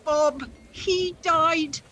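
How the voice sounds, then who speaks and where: A woman's voice: sits high, fairly even intonation, bright, forceful tone, pitched above the performer's own voice, heavily acted. Woman playing a kindly old flower seller. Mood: sympathetic. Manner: slow, sympathetic, drawn-out.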